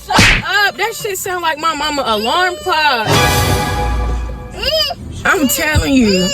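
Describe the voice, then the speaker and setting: Irritated high-voiced woman, cursing. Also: big pitch swings, takes it slowly, over loud music. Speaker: vlogger's girlfriend, prank target. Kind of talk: casual argument.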